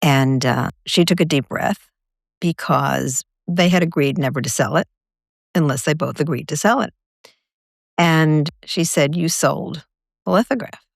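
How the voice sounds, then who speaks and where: A woman's voice: low-pitched, measured pace, vocal fry, no room sound, clean studio sound. A woman therapist recounting a client's story in an earnest, conversational interview. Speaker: therapist guest.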